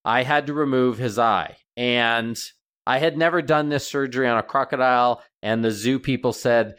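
A middle-aged man, a veterinarian guest, telling stories in a casual radio interview with lively jumps in pitch. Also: normal speed, clear, resonant tone. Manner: animated storyteller, pitch jumps up when excited.

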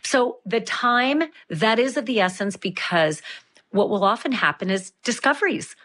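A woman's voice: on the high side, moderate pace. A middle-aged woman from Canada, a guest on a video call from a hunting cabin, talking casually and emphatically. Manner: animated storyteller, emphatic. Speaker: podcast host, guest. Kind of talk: casual interview talk.

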